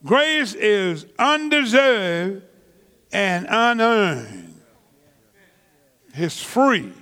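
Slow, high-voiced preacher man, churchy reverb. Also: big pitch swings, sharp tone. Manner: slow, emphatic preaching with drawn-out words and repetitions; colloquial vernacular grammar. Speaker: pastor. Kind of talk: sermon.

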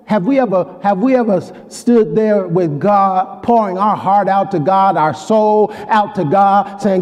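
A male pastor delivers an emphatic sermon, calling out to his congregation as he speaks. His voice sits a bit high but sounds mellow and warm. A long reverb rings through the church hall. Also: measured pace.

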